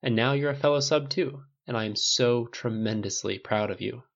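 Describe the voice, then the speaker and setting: A gentle, loving mother, as a male reader puts her on, quiet and tender in a storybook reading. The voice carries a gravelly edge, and the recording is slightly dull and lo-fi. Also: mid-range voice, normal speed, close to an everyday voice. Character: gentle, soft-spoken loving mother, middle-aged woman.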